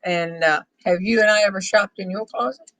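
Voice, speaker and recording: An older woman holds forth on a back porch in a wry, chatty way, laughing easily as she reads questions to her friend. Her voice sits at a middle pitch and comes through close and dry, with almost no room sound. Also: a little fast, a bit bright, dry recording, poor audio. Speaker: storyteller host reading viewer questions. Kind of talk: casual chat with a friend.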